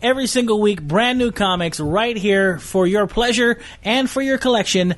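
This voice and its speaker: A man hosting a casual podcast, bubbly and quick to laugh, plugging the shop and steering the chat. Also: high voice, background noise. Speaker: podcast host.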